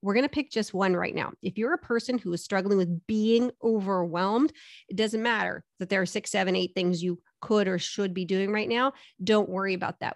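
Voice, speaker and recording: A woman's voice: medium pitch, dry recording. Middle-aged woman coaching, upbeat and direct, asks lots of questions, dry sound. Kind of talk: motivational coaching talk.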